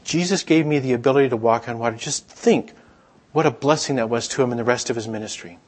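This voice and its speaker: A middle-aged man preaching in an easygoing, storytelling way, his voice a little husky and sitting at an ordinary pitch. He slips into the voices of the people in his stories, chatting with the listeners rather than lecturing them. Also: quick pace. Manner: conversational storytelling, acts out quoted voices. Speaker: pastor. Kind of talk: sermon.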